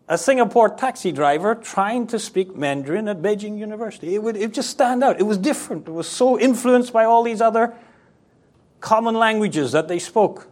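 A male preacher with a high-pitched voice delivers a lively sermon. He leaps up and down in pitch as he acts out the voices of the people he describes. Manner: animated, acts out quoted voices with sharp pitch swings.

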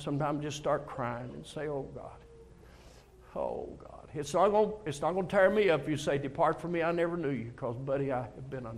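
An older man preaching a folksy, conversational sermon, telling personal stories and acting out talks with God. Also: a little high. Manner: storytelling, acts out dialogues with God, emotional confessions.

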